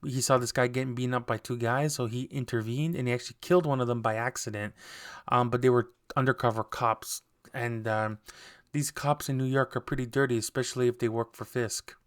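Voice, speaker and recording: A man's voice: medium pitch, fairly even intonation, a little fast. A man hosting a podcast, recapping TV episodes in a loose, rambling way with lots of fillers and restarts. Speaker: podcast host.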